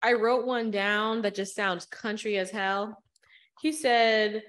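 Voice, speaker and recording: A woman's voice: mid-range voice, steady tone, slow pace, a bit bright. A woman co-hosting a movie podcast, telling blunt, profane, joking stories. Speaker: podcast co-host. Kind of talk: casual chat.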